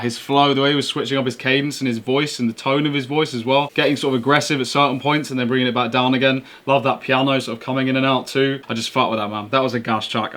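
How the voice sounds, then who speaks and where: A man's voice: medium pitch, fairly bright tone. A man hosting a music reaction video, chatting casually in an enthusiastic, slangy, rambling way.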